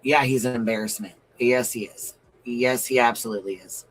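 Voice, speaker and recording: A man runs a commentary livestream in a bright, forceful voice. He is blunt and profane, reads viewer comments aloud, and says his points over and over for emphasis. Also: mid-range voice, steady tone, moderate pace, rough recording.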